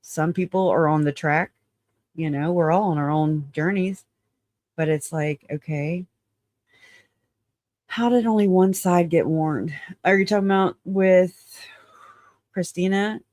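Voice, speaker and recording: Guy hosting his stream, talks frank n rambly, laughs a lot, higher voice. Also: a little slow, pauses often, darkish tone, no room sound, clean studio sound. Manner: hedges claims as alleged. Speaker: channel host. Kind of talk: casual livestream chat.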